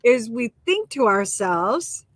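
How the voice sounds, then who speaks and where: A woman co-hosting a casual spiritual talk show, animated and emphatic, laughing often and teaching through rhetorical questions. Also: on the high side, slow, a little hiss or hum. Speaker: co-host.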